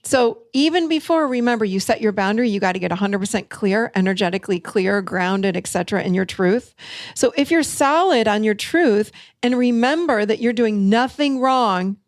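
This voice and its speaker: A woman hosting a solo talk show, teaching and acting out example lines in an animated way. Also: mid-range voice, moderate pace, no room sound, studio quality. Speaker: podcast host and coach.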